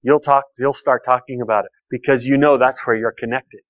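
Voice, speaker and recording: A man's voice: medium pitch, steady tone, a little fast, a bit bright, no room sound, muffled recording. A pastor preaching a conversational sermon, repeating key phrases and telling personal stories to his congregation.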